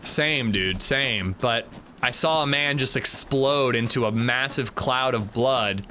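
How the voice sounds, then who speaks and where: A man's voice: mid-range voice, slow pace, sharp tone, a little hiss or hum. A man livestreaming a game, chatting casually and thanking viewers. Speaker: streamer. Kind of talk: casual livestream gaming chat.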